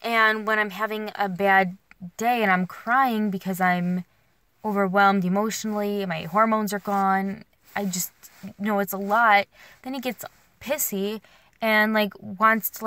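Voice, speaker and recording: A woman's voice: medium pitch, fairly even intonation, unhurried, fairly bright tone, clear, resonant tone, dry recording. A young woman vlogging while driving, rambling through emotional restarts and filler words, sounding worn and alone. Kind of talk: casual venting while driving. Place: in a car.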